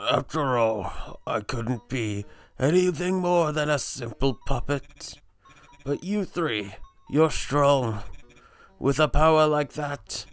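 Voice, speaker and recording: A man voicing a scheming, grandiose male puppet salesman with pushy, excitable patter. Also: on the high side, voice pushed up. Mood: solemn.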